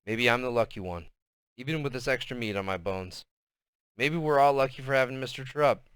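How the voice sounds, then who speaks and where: A man reading a children's novel aloud in an unhurried voice, with small slips along the way. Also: medium pitch, a bit bright, clear, resonant tone, no room sound. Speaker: reader.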